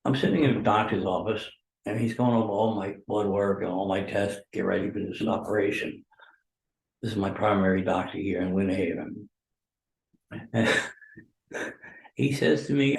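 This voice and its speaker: A man's voice: lowish voice, moderate pace, creaky, pauses often. A man hosting a podcast, rambling and ranting through a solo monologue while groggy from pain medication. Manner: ranting and grumbling. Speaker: podcast host. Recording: roomy echo from a distant mic.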